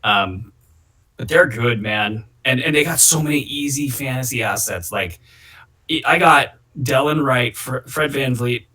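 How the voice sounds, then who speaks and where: A man's voice: fairly low pitch, sharp tone. Opinionated man rambling about basketball. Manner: opinionated, rambling, hot takes. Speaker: host. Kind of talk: casual sports chat.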